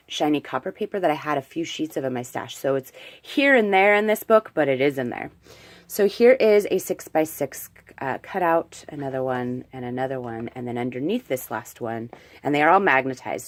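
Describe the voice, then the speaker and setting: A woman's voice: a bass voice, no echo. A woman chatting casually as she shows off a handmade craft album, gushing and correcting herself as she goes. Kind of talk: casual show-and-tell vlog.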